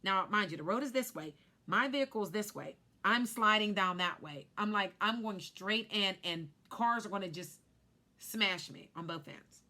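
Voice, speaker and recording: A woman in her thirties tells a personal story on a vlog, animated and lively, acting out what people said. Her voice is bright and forward, with a clear, ringing edge. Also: mid-range voice, moderate pace. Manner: animated storyteller who acts out quotes. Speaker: life insurance agent.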